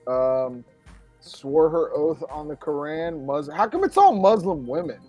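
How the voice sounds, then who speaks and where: Chatty man with a slightly high voice. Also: sing-song, a little slow, mellow, faint music behind. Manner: rambling, laughs often. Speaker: podcast host. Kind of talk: casual podcast chat. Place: home studio, Florida.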